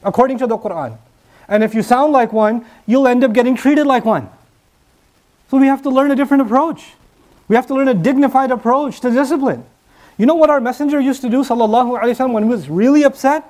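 A man's voice: extremely high pitch, fast, darkish tone. A man preaching a sermon, earnest, repeating key phrases and asking the listeners rhetorical questions.

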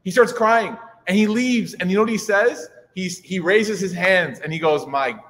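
Preacher guy in his 30s, kinda high voice, super chatty and jokey, echoey hall. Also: normal speed, a bit bright. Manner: chatty, joking asides, many likes and you knows. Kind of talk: humorous religious talk to an audience. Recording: reverberant hall.

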